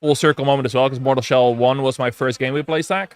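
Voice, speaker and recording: A man being interviewed on a panel show, relaxed and joking, talking about his job with frequent fillers. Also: medium pitch, fast, clean tone. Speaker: game publisher guest. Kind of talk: casual interview chat.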